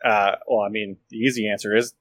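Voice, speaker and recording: A man's voice: fairly low pitch, little pitch movement, a little fast, a bit bright. A man playing a tabletop game as a ship's captain, asking questions and thinking aloud. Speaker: player, ship captain. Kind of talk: casual tabletop game play.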